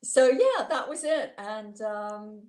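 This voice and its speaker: A woman in her sixties tells her story as a guest, warm and amused. Her laughter keeps breaking into her telling, and her voice sits mid-range. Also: mid-range voice, sing-song, takes it slowly. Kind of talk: storytelling interview.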